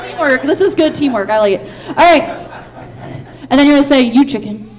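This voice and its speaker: A woman leading a children's Bible skit on a church stage, playful and upbeat, with quick cheering bursts. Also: high-pitched, lively intonation.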